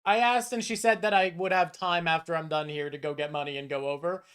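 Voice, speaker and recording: A woman's voice: lowish voice, steady tone, brisk, a loud crowd. A woman hosting a stream, chatting casually, opinionated and rambling as she ranks things. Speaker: streamer host. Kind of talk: casual chat ranking topics.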